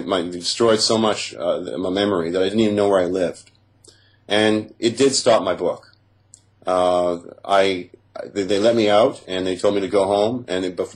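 A man with a very deep, low voice tells his own story as a personal testimony. He speaks haltingly and deliberately, with frequent fillers and restarts. He walks through each moment in careful detail.

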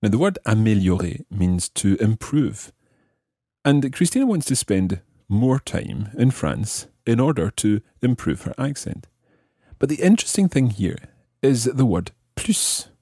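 A man hosting a language lesson podcast, explaining French phrases slowly and carefully. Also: on the low side, very animated, warm tone, husky, no echo, studio quality. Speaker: language teacher host.

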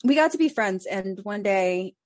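A woman's voice: medium pitch, animated, moderate pace. A woman podcast host telling a story in casual chat, laughing often and using lots of fillers.

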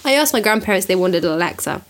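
A woman's voice: mid-range voice, lively intonation, rapid-fire, a little hiss or hum. A woman co-hosting a podcast at home, chatting casually, giggling often and slipping into funny voices. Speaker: podcast co-host. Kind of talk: casual chat.

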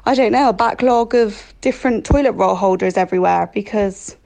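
A woman's voice: medium pitch, brisk, vocal fry, darkish tone, rough recording. A woman from England ranting with exasperation in a listener's voice note. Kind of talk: recorded voice note rant.

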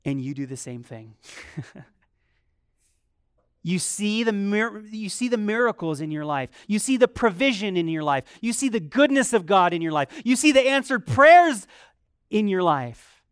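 A preacher delivering a sermon in a lively way, firing rhetorical questions at the congregation. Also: medium pitch, unhurried, clean tone, no echo, clean studio sound. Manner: acts out quoted complaints in a softer voice.

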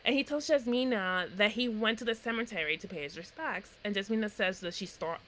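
A woman's voice: medium pitch, a little fast, a little hiss or hum, rough recording. A woman co-hosting a podcast, recapping a reality show in casual chat and acting out the quotes. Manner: animated storytelling, acts out quotes.

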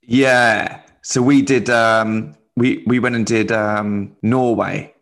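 A man's voice: fairly low pitch, little pitch movement, slow, a bit bright. Man telling a touring anecdote. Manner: anecdotal storytelling with laughs. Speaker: stand-up comedian. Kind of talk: casual chat.

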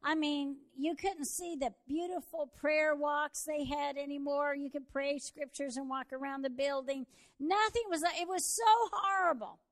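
A woman preaching a sermon, telling a story and building to fervent shouts. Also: high-pitched, unhurried.

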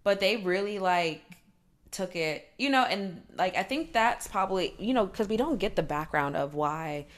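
A woman's voice: mid-range voice, lively intonation, moderate pace. A woman chatting casually about a reality show, acting out little quoted lines as she goes.

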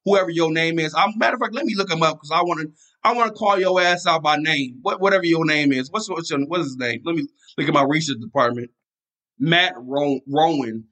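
Heated podcast host, bright and fiery. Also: male voice, fairly high pitch, brisk. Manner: angry, repetitive, many restarts and fillers. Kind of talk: casual solo podcast rant.

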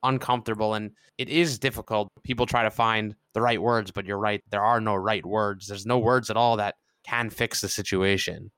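A man with a smooth, resonant voice hosting a podcast interview. He chats in a thoughtful, agreeable way. The recording is dry and close to the mic. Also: on the low side, fairly even intonation, moderate pace, few pauses, a bit bright, no room sound. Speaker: podcast host. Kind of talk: conversational interview talk.

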